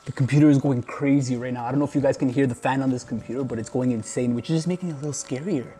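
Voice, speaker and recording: A man's voice: mid-range voice, very fast, dark tone, a little hiss or hum. A man vlogging as he goes through videos on a computer, talking nervously with frequent gasps and exclamations. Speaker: YouTuber. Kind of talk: reacting to found footage on camera. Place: indoors at a computer.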